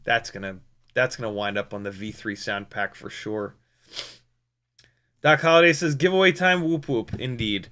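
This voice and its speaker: A man's voice: fairly low pitch, moderate pace, pauses often, sharp tone, smooth. An American man hosting a drone live stream, chatting casually and reading viewer comments aloud, with many ums and restarts. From United States.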